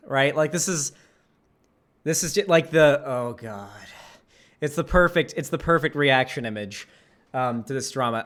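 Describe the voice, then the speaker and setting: A man's voice: on the high side, fairly bright tone. Chatty man rambling over a video. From Florida, US. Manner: rambling, chatty, lots of fillers and asides. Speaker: reaction streamer. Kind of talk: casual commentary over a video.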